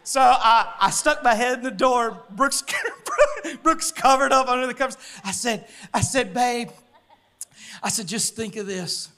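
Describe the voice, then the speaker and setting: Preacher guy, real high bright voice, telling a story and acting out the voices. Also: normal speed, hardly any pauses. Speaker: pastor. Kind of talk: sermon with a told story.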